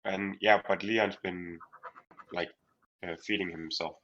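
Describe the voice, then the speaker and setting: Very deep slow-talking man. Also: fairly even intonation, fairly bright tone. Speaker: player. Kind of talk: tabletop game chat. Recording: dull lo-fi call audio.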